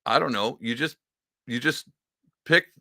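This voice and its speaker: A man hosts a casual political commentary show and rants in an excitable, sarcastic way, his pitch jumping high and then dropping back. His voice is bright and forceful, recorded close and dry. His pitch sits in the ordinary middle range. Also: measured pace, vocal fry, dry recording. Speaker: podcast host.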